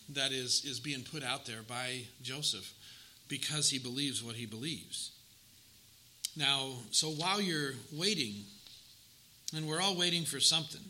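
A man's voice: mid-range voice, sharp tone, a little hiss or hum, rough recording. A man preaching a sermon, earnest and emphatic, repeating words for weight and lifting his voice on key phrases. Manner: earnest, emphatic, with repetitions and rising stresses.

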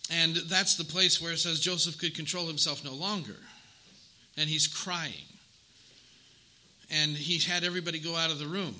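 Bright-voiced earnest male preacher. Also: on the high side, moderate pace, long pauses, rough recording. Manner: earnest, emphatic, with repetitions and rising stresses. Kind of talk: sermon.

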